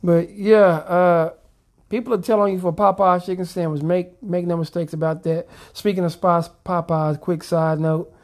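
Podcast co-host, woman, deep voice, laid-back and slangy. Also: steady tone, normal speed, a little mellow. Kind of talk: casual podcast chat.

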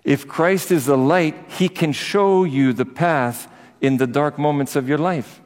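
A man's voice: a little high, measured pace, a little mellow. A priest giving a conversational sermon to his congregation, with personal asides. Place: church. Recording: echoey church with long reverb.

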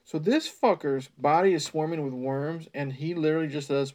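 A man, the reader, does a comedic read-aloud of bad fan fiction, breaking off into sarcastic, exasperated, profane asides. His voice is a little high with a darkish tone, and he reads at a normal speed.

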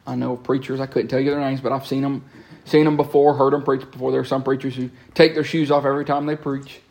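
A man, preaching a lively sermon in a church and breaking into quick asides and repeated words. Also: mid-range voice, creaky. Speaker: pastor. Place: church sanctuary.

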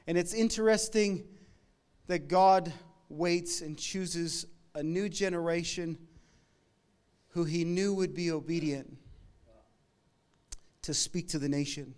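Canadian man preaching in a smooth voice. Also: on the high side, a little mellow. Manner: storytelling, conversational, with quick asides. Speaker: pastor. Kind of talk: sermon.

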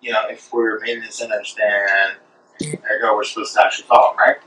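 A man's voice: lowish voice, flat delivery, fairly quick, bright, forceful tone. A man taking part in a church roundtable, thinking aloud casually with fillers. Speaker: roundtable participant. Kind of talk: casual discussion. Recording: echoey room, distant mic, faint noise.

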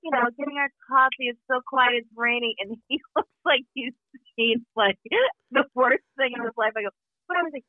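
A woman's voice: high-pitched, brisk, dry recording. A woman in casual chat, retelling a story with a chatty, laughing manner. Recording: tinny phone line.

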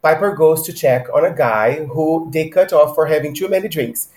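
A man's voice: a little high, moderate pace, darkish tone. A man co-hosting a casual book discussion podcast, chatty and laughing easily, with frequent ums. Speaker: podcast co-host. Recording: roomy echo.

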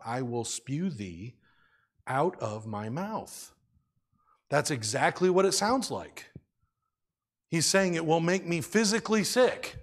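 A man preaching a sermon as a pastor, in a conversational way, asking the congregation questions. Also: fairly high pitch.

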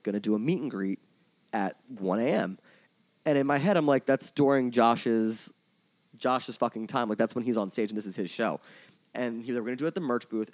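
A man guesting on a podcast about his work in music merchandising and touring, telling a story in a casual, rambling way, full of "like" and swearing, candid and openly emotional. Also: medium pitch. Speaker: tour manager and merch coordinator guest.

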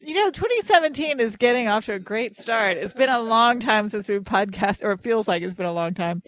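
A woman's voice: fairly high pitch, animated, fairly quick, a bit bright. Chatty woman hosting a podcast. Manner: chatty, laughs often. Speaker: podcast host. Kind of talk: casual podcast chat.

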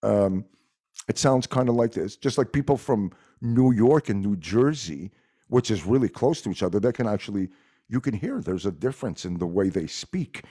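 A man's voice: lowish voice, normal speed. Montreal-accent guy, french native, swears a lot, voice swings all over the place. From Montreal, Quebec. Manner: animated, swears freely, repeats himself. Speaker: guest musician. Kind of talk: casual chat.

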